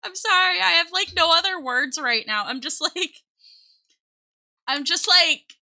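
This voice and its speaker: A young woman streamer talks to her chat in a high, very bright voice, giggling and flustered. She sounds teary and close to crying, and her pace is slow and unhurried. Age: young adult. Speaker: VTuber streamer. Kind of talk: casual live-stream chat.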